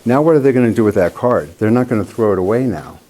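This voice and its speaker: A man leads a painting workshop with a warm, mellow voice. He talks in a loose, chatty way and tells stories, putting on the voices of the people in them. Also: lowish voice, lively intonation, fast talker. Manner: chatty storyteller, acts out quoted voices. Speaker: painting instructor. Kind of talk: casual workshop teaching.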